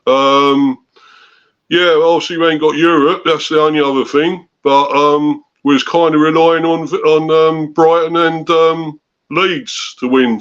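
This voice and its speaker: A man's voice: on the high side, fairly bright tone. A man with a Cockney accent calling in to a football show, laid-back and full of fillers. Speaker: caller. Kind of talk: casual football call-in chat. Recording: dull lo-fi call audio.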